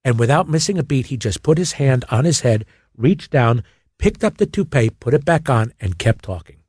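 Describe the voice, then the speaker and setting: Animated male storyteller, lively swooping pitch. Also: normal speed, slightly rough, no room sound, clean studio sound. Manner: animated storyteller who stammers and restarts while acting out anecdotes. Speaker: guest. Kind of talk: casual interview chat.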